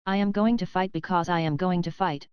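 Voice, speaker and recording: A woman's voice: on the low side, fairly even intonation, a little fast, clear, resonant tone, no room sound, highs cut off, lightly acted. A woman reading the lines of a gigantic, blustering male musketeer in an audiobook, blunt in manner.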